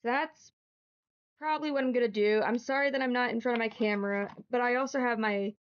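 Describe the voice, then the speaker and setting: A woman's voice: fairly high pitch, fairly even intonation, brisk, clean tone, lo-fi sound. A woman streaming from home, flustered and apologetic, filling her talk with ums while she fixes her setup. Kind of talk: casual live-stream talk.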